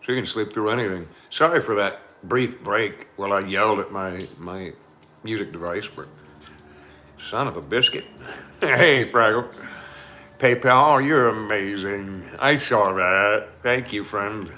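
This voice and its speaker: A man's voice: lowish voice, a little slow, sharp tone. A man hosting a live stream, telling a suspenseful story with dramatic narration and chatty asides to his viewers. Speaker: storyteller and channel host.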